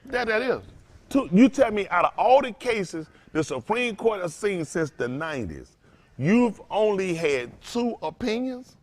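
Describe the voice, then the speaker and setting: Preaching man, emphatic and loud. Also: sits high, sing-song, measured pace. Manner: loose, emphatic, rising to loud bursts. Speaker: pastor. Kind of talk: preaching to a congregation.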